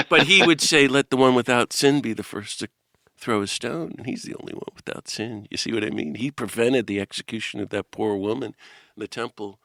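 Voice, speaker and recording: An older man hosting an interview, telling an animated story and laughing at himself. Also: mid-range voice, normal speed, creaky, no room sound, studio quality. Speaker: podcast host.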